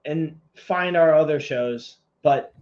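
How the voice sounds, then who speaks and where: A man's voice: fairly high pitch, slow pace, a little mellow. Profane man co-hosting, muffled audio. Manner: profane, rambling storyteller. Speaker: podcast co-host. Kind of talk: casual chat.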